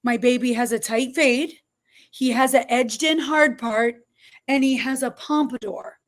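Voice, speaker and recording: Woman, high voice, middle-aged, animated storyteller, podcast guest. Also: a little slow. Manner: animated, expressive storytelling with quoted dialogue. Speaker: podcast guest, barber shop owner. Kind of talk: storytelling interview.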